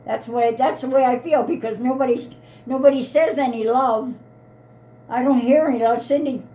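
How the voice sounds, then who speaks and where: A woman's voice: high voice, steady tone, moderate pace, dark tone. A woman in her eighties, an elderly mother, arguing in an upset, pleading way and repeating herself. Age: 80s. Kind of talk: heated family argument.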